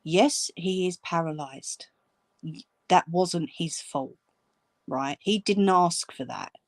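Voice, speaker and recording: Woman host, furious scolding rant, deliberate pace, dry close sound. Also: on the low side, no echo. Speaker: channel host. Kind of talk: angry direct-to-camera rant.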